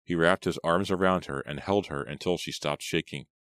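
Man, audiobook narrator, horror story, extremely low voice, measured reading, dry recording. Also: a bit bright, dry recording.

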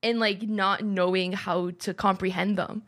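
A woman's voice: mid-range voice, level tone, measured pace, fairly bright tone. A young woman co-hosting a podcast in casual chat, talking in an easygoing, reflective way and agreeing readily. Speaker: podcast co-host.

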